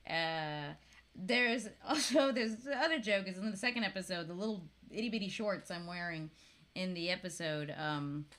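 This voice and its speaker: A bright, animated woman in her thirties from Florida chats casually to her camera. Her pitch swings widely as she tells stories, laughing often and swearing without a second thought. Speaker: vlogger.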